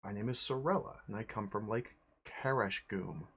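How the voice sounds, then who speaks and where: A man's voice: on the low side, normal speed, a bit bright, husky. A man voicing a proud, mysterious young noblewoman sorceress in a thin, raised voice. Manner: thin hesitant voice.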